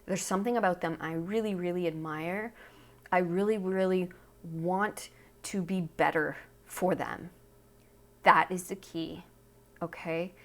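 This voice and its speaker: A woman's voice: fairly low pitch, steady tone, unhurried. Earnest, emotional woman reading tarot. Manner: earnest, emotional, repeats phrases, often asks "okay?". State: tearful. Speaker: tarot reader. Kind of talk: pick-a-card tarot reading.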